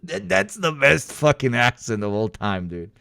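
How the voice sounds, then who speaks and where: A man with a Balkan accent, a streamer talking casually to chat, loud and profane with frequent laughing. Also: big pitch swings, normal speed, gravelly, a little hiss or hum. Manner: loud, profane, laughing, swings into high outbursts.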